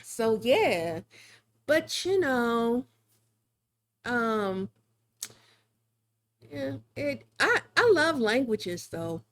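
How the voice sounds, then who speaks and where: Slow-talking woman streamer. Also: a little high, big pitch swings. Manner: rambling, chatty, laughs often. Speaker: live-streaming digital artist. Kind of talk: casual livestream chat while drawing.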